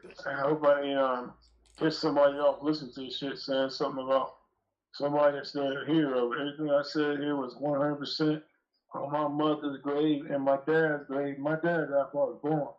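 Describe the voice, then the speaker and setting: A man's voice: a little high, little pitch movement, fairly quick. Profane rambling man on a lo-fi call. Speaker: call-in guest. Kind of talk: casual storytelling. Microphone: phone call.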